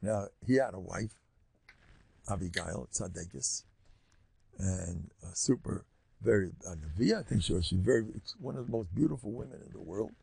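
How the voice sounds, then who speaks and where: Gravelly older rabbi telling a story. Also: male voice, lowish voice, moderate pace, dry recording. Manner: animated, colloquial retelling, sprinkled with Hebrew and Yiddish terms. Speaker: rabbi giving a Torah class. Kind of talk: storytelling Torah lesson.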